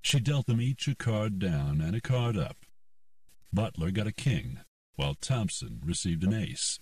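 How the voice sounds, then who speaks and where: A man narrating an audiobook in a steady, unhurried storytelling manner. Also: deep voice, dry recording. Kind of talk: scripted narration. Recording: dry, slightly distant mic.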